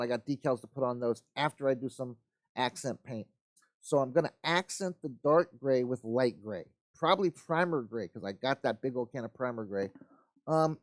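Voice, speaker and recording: A man hosts a live model-building show, talking casually as he works. He rambles and mutters to himself in an easygoing, folksy way, at a middle pitch. The sound is dry and close. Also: gravelly, dry recording. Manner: rambling, talks to himself while working.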